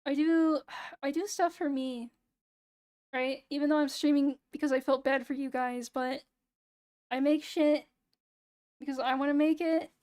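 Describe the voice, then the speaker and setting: A young woman with a fairly high voice chats casually to her stream in a hoarse, flat, near-monotone way. Her delivery stays low in energy and sounds close to tears. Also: unhurried, pauses often. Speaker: VTuber streamer. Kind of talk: casual late-night stream chat.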